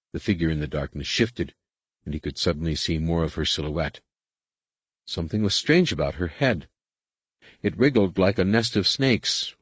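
A man narrating an audiobook in steady, measured scripted narration. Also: low voice, no echo.

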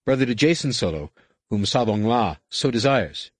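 A man voicing a nervous, fast-talking human smuggler captain who pleads in a hurried, higher voice. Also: animated, no room sound, natural voice. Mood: eager.

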